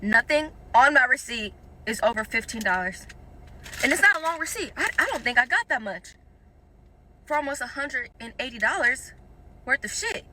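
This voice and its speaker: A woman's voice: high voice, expressive, normal speed, bright, forceful tone. A woman in a casual vlog rant, exasperated, repeating herself and swearing, recorded in a car.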